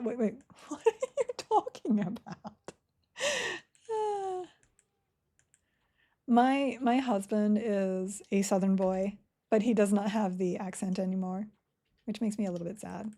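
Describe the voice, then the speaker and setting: Cheerful woman streamer with a mellow voice. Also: medium pitch. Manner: cheerful, chatty, answers chat questions. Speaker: game streamer. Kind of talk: casual live-stream chat while playing.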